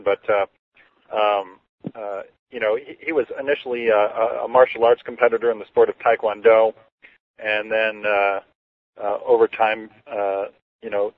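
A man co-hosting a podcast, introducing a guest in a loose, upbeat way with many fillers. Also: on the low side. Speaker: podcast co-host. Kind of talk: casual podcast interview. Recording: tinny phone-like audio.

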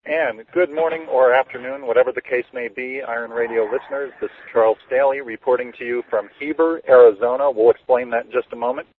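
A man's voice: medium pitch, fairly even intonation, fast talker, few pauses. A man co-hosting a podcast, introducing a guest in a loose, upbeat way with many fillers. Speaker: podcast co-host. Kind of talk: casual podcast interview. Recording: tinny phone-like audio.

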